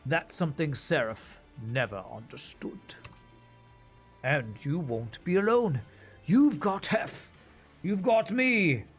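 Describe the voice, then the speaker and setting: A man voicing a steady male companion from a video game who speaks slowly and reassures a friend. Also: a little high, husky, faint music behind, exaggerated voice. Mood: reassuring. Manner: slow, calm, reassuring.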